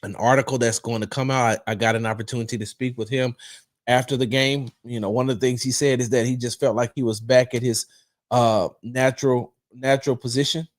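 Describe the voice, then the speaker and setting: A man hosting a casual football fan show from home, swinging between loud bursts and quiet asides. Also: medium pitch, fairly even intonation, a little fast. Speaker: sports podcast host. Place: home room.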